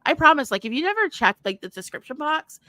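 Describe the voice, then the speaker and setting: A woman's voice: high-pitched, sing-song, fast, bright, forceful tone. A woman co-hosting a casual livestream chat, rambling and chatty, often apologizing and laughing. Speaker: livestream co-host.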